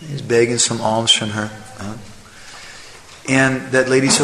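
A man preaches in a conversational way and keeps checking in with his listeners. His voice sits at a middle pitch. It carries a strong echo in a large hall with a long tail, over faint ambience. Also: steady tone, a little slow, creaky, sharp tone, a little hiss or hum. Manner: conversational, checks in with the audience using "huh?". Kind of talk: sermon with storytelling.

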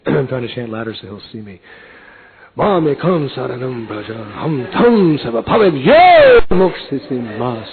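An older man telling a personal story, animated and often laughing as he acts out voices and chanting. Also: medium pitch. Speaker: devotee recounting a personal story. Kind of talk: anecdotal storytelling talk. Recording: tinny phone-like lo-fi audio.

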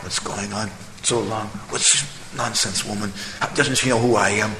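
A man's voice: lowish voice, steady tone, normal speed, pushed and bright, slight background noise. A man speaking as a proud, hot-tempered young celibate monk who mutters scornfully and boasts, in an echoey hall. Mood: indignant. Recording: echoey hall, faint ambience.

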